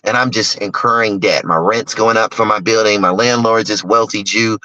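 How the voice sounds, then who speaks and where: A man with a low, bright and forceful voice tells his story with lots of energy, jumping up in pitch whenever he plays the people in it. The sound is dry and close. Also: moderate pace, no room sound, rough recording. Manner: animated storyteller who acts out other people's lines in sharply raised voices. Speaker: guest speaker on investing. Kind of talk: personal storytelling on a talk stage.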